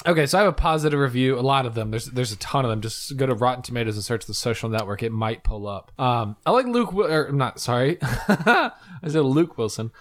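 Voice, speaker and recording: A man's voice: mid-range voice, expressive, fairly quick. A man co-hosting a movie podcast in casual, jokey chat, trying silly accents and laughing often. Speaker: podcast co-host.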